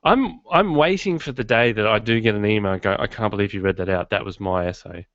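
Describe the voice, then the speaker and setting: A man's voice: lowish voice, quick pace, a bit bright, dry recording. A man hosting a podcast from his garage, chatting casually in a rambling, self-deprecating way. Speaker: podcast host. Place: home studio in his garage. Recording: dull lo-fi dry sound.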